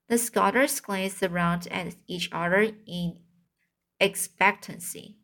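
A woman reading a children's book aloud, slow and careful, who restarts on hard words. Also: mid-range voice, a bit bright. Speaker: narrator.

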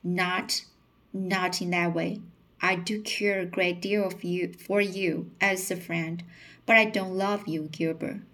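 A woman reading the part of an earnest, emotional young woman in a storybook, in a slow, halting way with restarts. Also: lowish voice, steady tone, fairly bright tone. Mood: pleading.

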